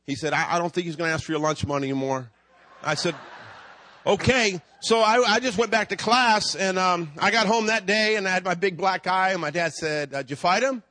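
A man's voice: sits high, fairly quick, sharp tone, a little hiss or hum. A man in his fifties preaching a sermon, telling a personal story before building to emphatic preaching. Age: 50s. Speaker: pastor.

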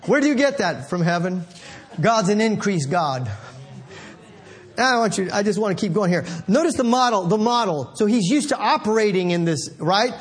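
A man preaching a sermon in an animated, conversational way, calling out to the congregation. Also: sits high, normal speed, slightly rough.

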